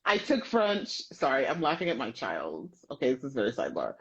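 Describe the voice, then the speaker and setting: A woman's voice: extremely low pitch, brisk, breathy edge. A woman hosting a casual podcast chat, telling stories with lots of laughter. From United States. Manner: animated storyteller, laughs often. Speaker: podcast host. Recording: dull lo-fi audio.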